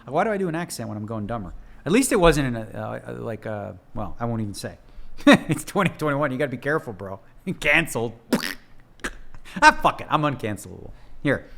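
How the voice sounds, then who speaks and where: A professional poker player breaks down one of his own hands in loose, joking slang, giving casual spoken analysis. His mid-range voice is gravelly and a bit bright, very animated and brisk.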